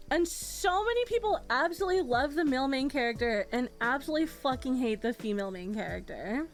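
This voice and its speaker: A woman's voice: sits high, lively intonation, normal speed, soft background music. A woman streamer chatting casually with her viewers, swearing freely and laughing often.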